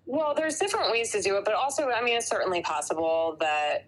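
A woman who works as a veterinary tech, co-hosting a podcast in casual chat, blunt and quick to laugh, with lots of "like" fillers. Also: medium pitch, expressive, low-quality recording. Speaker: podcast co-host.

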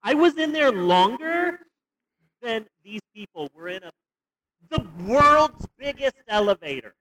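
Animated, rambling young man. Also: extremely high pitch, unhurried, rough recording. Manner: rambling, animated, stumbles and restarts. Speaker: podcast co-host. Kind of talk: casual comedic movie review chat.

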